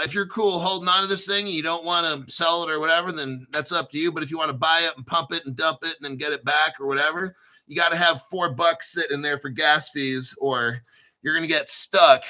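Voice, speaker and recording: A man's voice: a little high, bright, forceful tone. A man hosting his own crypto channel, talking in a profane, hyped and rambling casual rant with sudden bursts of emphasis.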